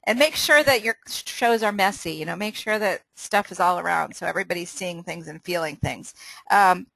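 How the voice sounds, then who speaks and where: A woman's voice: on the low side, a little fast, creaky, fairly bright tone, no room sound, poor audio. A woman hosting a casual sales training call, upbeat and laughing often, running a quiz and restarting her sentences.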